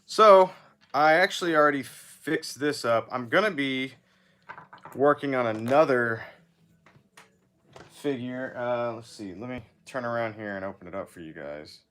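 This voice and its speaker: A man's voice: mid-range voice, a little slow, a bit bright, a little hiss or hum. A man hosting a casual livestream, chatting in a rambling way while repairing action figures and reading chat aloud.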